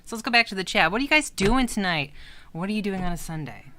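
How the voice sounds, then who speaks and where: Talking fast in a mid-range voice with lively intonation, a woman hosts a casual livestream, rambling and hesitating with lots of restarts. She coos gently to her cat, and a little hiss or hum can be heard.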